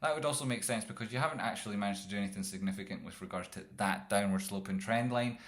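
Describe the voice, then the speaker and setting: A man's voice: on the low side, quick pace, fairly bright tone. A man streaming live chart analysis, rambling and jokey with some profanity. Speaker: trading streamer.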